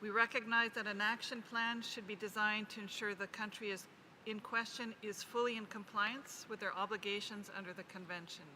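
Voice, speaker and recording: Bright-voiced woman delegate, formal statement. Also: mid-range voice, fairly even intonation, a little hiss or hum, rough recording. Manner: measured, reads proposed text slowly. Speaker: national delegate. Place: large conference hall.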